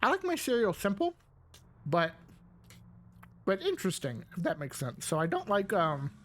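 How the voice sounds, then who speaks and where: A woman's voice: mid-range voice, huge pitch swings, a little hiss or hum. A young woman streaming a game live, chatting casually and rambling between bites of food, with frequent laughs. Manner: chatty, rambling, laughs often, pauses to eat. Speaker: VTuber streamer. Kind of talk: casual live-stream chat while gaming.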